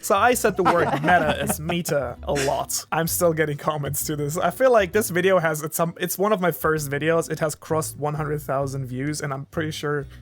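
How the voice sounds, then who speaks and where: Higher-voiced man, measured and thoughtful. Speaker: podcast co-host. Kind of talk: casual chat.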